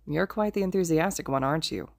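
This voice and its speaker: A sullen teenage boy, as a woman reader puts him on, dropping low and quiet into a dry, droning deadpan. It is a storybook reading with a close, dry sound. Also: fast talker, dry recording, natural voice. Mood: sarcastic. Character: flat, sarcastic teenage boy.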